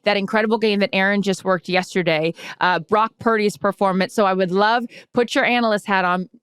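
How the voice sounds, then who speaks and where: A woman's voice: mid-range voice, steady tone, brisk, fairly bright tone, clear, resonant tone, no room sound, studio quality. A woman co-hosting a podcast, upbeat as she leads the questions. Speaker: podcast co-host. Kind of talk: casual chat.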